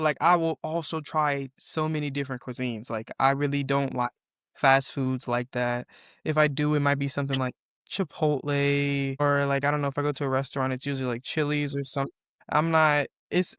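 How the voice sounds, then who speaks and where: A woman from the Southern United States, co-hosting a podcast and telling stories in an animated, profane, chatty way. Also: very deep voice, clean tone, no echo, clean studio sound. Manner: self-described yapper, animated and profane storytelling. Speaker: podcast co-host. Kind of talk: casual chat.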